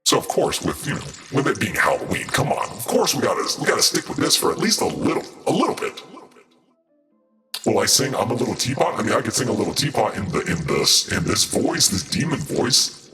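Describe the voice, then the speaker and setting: Man through a deep demon voice changer. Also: very animated, brisk, sharp tone, reverberant, big-room sound, faint music behind. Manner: rambling, self-amused. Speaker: streamer. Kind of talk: casual live-stream chat.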